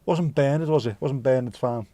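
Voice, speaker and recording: A man's voice: medium pitch, moderate pace, mellow, no room sound. A man with a Liverpool accent hosting a livestream, chatting casually and jokily with viewers, swearing freely. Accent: Liverpool (Scouse). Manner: jokey, rambling, swears freely. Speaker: livestream host. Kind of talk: casual chat reading viewer comments.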